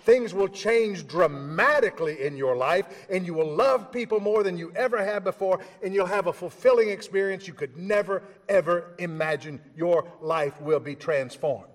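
High-voiced preacher man in a reverberant hall. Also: normal speed, few pauses. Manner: storytelling with acted-out dialogue and chuckles. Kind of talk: sermon.

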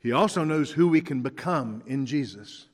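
A man's voice: medium pitch, animated, normal speed, big-room sound. A man preaching a sermon, telling stories with acted-out dialogue and chuckling along the way.

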